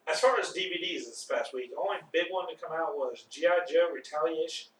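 Young man, slightly high voice, casual movie chat, echoey room, mic set back. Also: fairly quick, fairly bright tone, slight background noise. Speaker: podcast host. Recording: roomy, distant mic.

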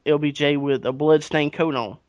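A man with a fairly high voice retells history in a casual, profane way, slipping into the voices of kings and countries. The recording sounds muffled and lo-fi, with no room sound. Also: moderate pace, dry recording. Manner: profane, animated storytelling with acted-out dialogue. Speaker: podcast co-host. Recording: dull lo-fi recording.

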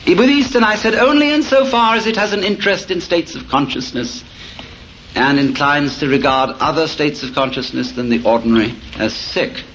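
A man's voice: on the high side, normal speed. Wry lecturing man on old tape. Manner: wry, storytelling, animated. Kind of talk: public lecture to an audience. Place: lecture hall with audience. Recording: dull lo-fi tape of a lecture with faint hiss.

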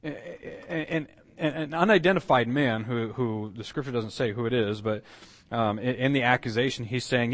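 A man's voice: mid-range voice, normal speed. A man preaching a sermon as pastor, telling the story with acted quotes, asides and frequent fillers.

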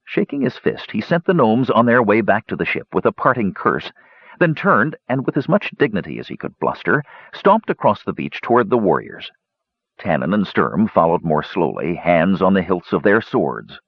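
A man narrating a fantasy story with expressive storytelling. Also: fairly low pitch, normal speed, slightly rough, no room sound. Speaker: audiobook narrator. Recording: dull lo-fi dry recording.

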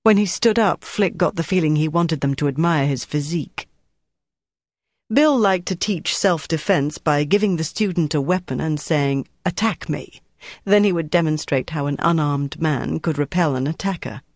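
Steady audiobook narrator, dry sound. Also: medium pitch, no room sound. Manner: steady, measured storytelling. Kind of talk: scripted narration.

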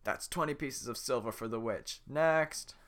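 A bossy, callous head guard barking short orders down a line, as a man puts him on. The voice is raised and loud, bright and hard-edged. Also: medium pitch, measured pace, voice pushed up, lightly acted.

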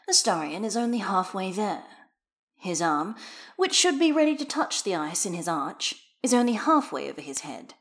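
Woman reading a story with a lively voice. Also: mid-range voice. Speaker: audiobook reader. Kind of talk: reading fan fiction aloud.

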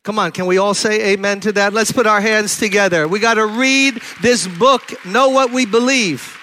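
A man's voice: high voice, moderate pace, pushed and bright, a faint crowd, slight background noise. An older man, a pastor preaching a sermon in a conversational storytelling manner that builds to emphatic exhortation. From Brooklyn, New York.

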